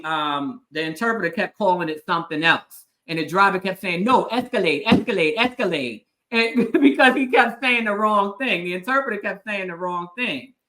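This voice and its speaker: A female host and legal analyst tells her account in an earnest, emphatic way. Her voice is bright and forceful. She stays in a casual interview mode and often murmurs agreement. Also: lowish voice. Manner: earnest storytelling, emphatic, frequent affirming murmurs.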